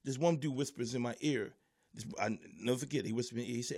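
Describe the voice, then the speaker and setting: A man's voice: medium pitch, quick pace, a little mellow, breathy edge. A man who is a stand-up comedian, casually telling a story and acting out the voices and noises of the people in it.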